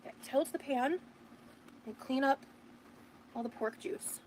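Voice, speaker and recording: Chatty higher-voiced woman cooking on stream. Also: unhurried, darkish tone, a little hiss or hum, low-quality recording. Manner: rambling, chatty, swears casually. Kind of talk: casual live-stream chat while cooking.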